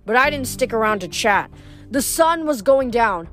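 A woman reading a novel aloud in steady first-person narration, with small restarts. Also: on the high side, moderate pace, soft background music. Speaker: audiobook reader.

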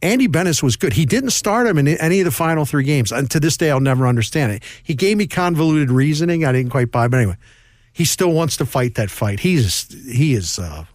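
Animated middle-aged storyteller. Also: male voice, on the high side, no room sound, clean studio sound. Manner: animated, quick bursts with restarts and laughs. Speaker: sports columnist, guest. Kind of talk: casual interview storytelling.

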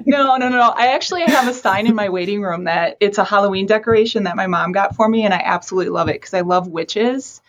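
Woman, therapist, casual chat, self-deprecating, quick to laugh. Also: medium pitch. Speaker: mental health counselor for teens.

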